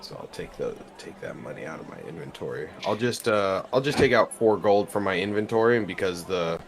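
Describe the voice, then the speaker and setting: A man's voice: deep voice, expressive, brisk, slight background noise. A man talking casually as a player in a tabletop game, rambling through what his character does.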